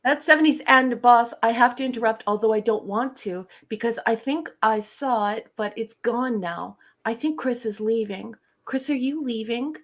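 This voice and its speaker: A woman's voice: on the high side, moderate pace, few pauses. A woman from western Canada co-hosting a live fan show, chatting playfully and affectionately with viewers and reading their messages aloud. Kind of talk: casual live-stream chat.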